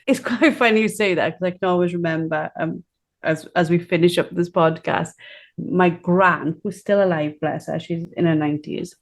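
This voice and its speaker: A woman hosting a podcast, chatty and relaxed, telling a light personal story and laughing easily. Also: fairly low pitch, moderate pace. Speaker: podcast host. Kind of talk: podcast conversation.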